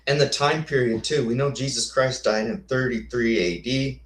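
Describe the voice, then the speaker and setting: A man's voice: mid-range voice, moderate pace. A man hosting a casual lecture with slides, thinking aloud with rhetorical questions and answering viewers' comments. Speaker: host. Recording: echoey room.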